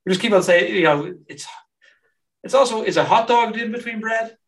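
A man's voice: sits high, normal speed, vocal fry. A man co-hosting a podcast, who rambles and restarts as he talks. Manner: hesitant and rambling. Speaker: podcast co-host. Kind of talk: casual podcast chat.

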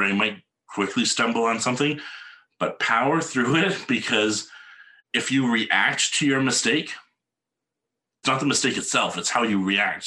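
A man hosts a casual podcast interview, easygoing and rambling, with a ready laugh. His voice is lowish but sharply bright and forward in tone. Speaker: podcast host.

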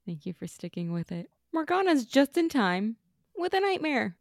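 A woman's voice: sits high, big pitch swings, normal speed, dry recording, clean studio sound. Wry, sarcastic woman podcast co-host. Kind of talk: casual podcast chat.

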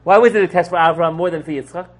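A man, a rabbi, teaching a lively Torah class, posing rhetorical questions and answering them with jokes, his voice swinging from low and quiet to loud and high. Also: very fast.

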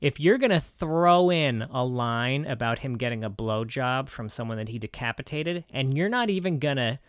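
A man's voice: lively intonation, moderate pace, clean tone, no echo, clean studio sound. Joking, profane man podcast co-host. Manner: joking, profane, pitch jumps up when incredulous. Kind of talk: casual film review chat.

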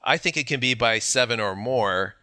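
Middle-aged male co-host, husky morning voice, easygoing and joking, bright forceful tone, dry close sound. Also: medium pitch, normal speed, dry recording. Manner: joking, chuckles through his sentences. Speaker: podcast co-host. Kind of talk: casual sports chat.

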